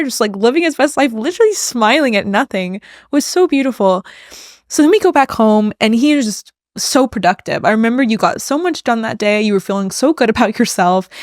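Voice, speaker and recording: A woman's voice: a little high, no echo, studio quality. A woman co-hosting a podcast, telling a personal story in a casual, effusive and heartfelt way. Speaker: podcast co-host.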